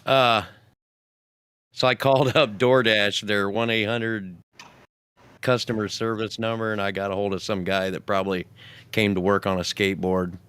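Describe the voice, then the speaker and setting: A man with a bright, crisp voice tells stories in a lively, joking manner during a podcast chat. The sound is dry and close. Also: on the low side, moderate pace, no echo. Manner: animated, jokey, puts on voices. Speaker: podcast host. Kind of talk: casual chat, storytelling.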